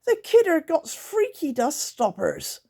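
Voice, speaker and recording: A woman's voice: high-pitched, wildly swooping pitch, a little slow, vocal fry, dark tone, voice pushed up, full character voice. A woman reading aloud, voicing a panicky male monster who burbles and mumbles.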